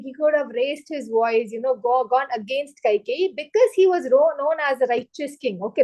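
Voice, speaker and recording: High-voiced storyteller. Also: female voice, darkish tone. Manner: keeps checking in with "okay?" and "right?". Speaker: children's teacher. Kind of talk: storytelling lesson for kids. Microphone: video call.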